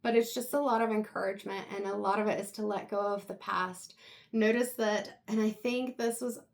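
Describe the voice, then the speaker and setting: A woman giving an intuitive tarot reading, talking softly and reflectively with pauses, at times close to tears. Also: medium pitch, steady tone, creaky. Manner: soft, reflective, halting with pauses. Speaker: tarot reader.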